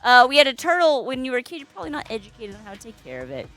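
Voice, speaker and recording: A woman's voice: high-pitched, wildly swooping pitch, racing, fairly bright tone, faint music behind. A woman hosting a casual livestream as a balloon artist, chatty and playful, greeting viewers and making puns. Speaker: balloon artist streamer host.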